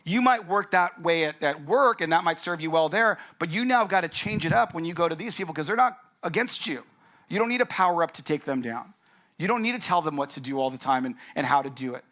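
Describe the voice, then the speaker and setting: A man's voice: a little high, lively intonation, fairly quick, sharp tone. A man preaching a casual, conversational sermon as pastor, joking as he goes. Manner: joking and conversational, acts out characters' lines.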